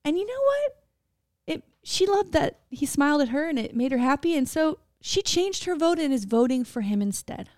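A woman co-hosting a podcast in casual chat, animated, laughing often and swearing freely. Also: high voice, moderate pace, no room sound, clean studio sound. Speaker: podcast co-host.

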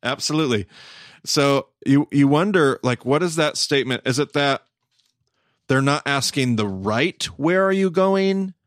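A man's voice: medium pitch, normal speed, fairly bright tone, dry recording, clean studio sound. A man hosting a podcast, thinking aloud in a casual Bible study discussion, searching for words and restarting phrases. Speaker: podcast host.

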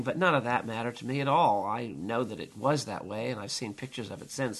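Older male storyteller, vivid and reminiscing, bright, pushed tone. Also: mid-range voice, vocal fry. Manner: reminiscent, vivid, acts out scenes. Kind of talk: personal storytelling.

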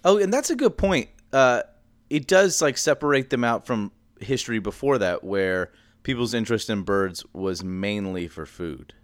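A young man co-hosting a casual podcast, explaining things at length in a chatty, animated way. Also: on the low side, moderate pace, no echo. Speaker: podcast co-host. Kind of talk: casual chat.

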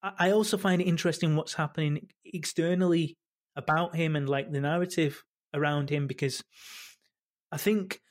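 A man, a football podcast panelist talking in a halting way full of restarts. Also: fairly high pitch, fairly even intonation. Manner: halting, many restarts and fillers. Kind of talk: casual football chat.

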